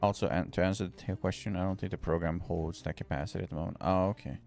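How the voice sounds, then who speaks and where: A man's voice: low voice, steady tone, fast talker, gravelly, darkish tone, faint music behind. A man streaming live, chatting casually and answering his chat in a rambling, grumbling, offhand way.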